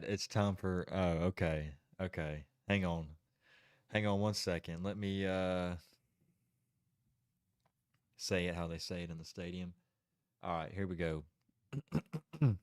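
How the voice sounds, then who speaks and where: Giggly, low-voiced livestream host. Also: male voice, no room sound, clean studio sound. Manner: chatty, giggly, keeps stalling. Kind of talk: casual livestream chat.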